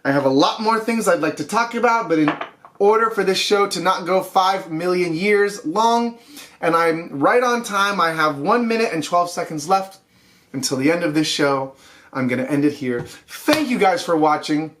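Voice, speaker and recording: A man's voice: high-pitched, lively intonation, moderate pace, a bit bright, slight background noise. A young adult man hosting a weekly online news show, ranting in a heated, casual way straight to camera.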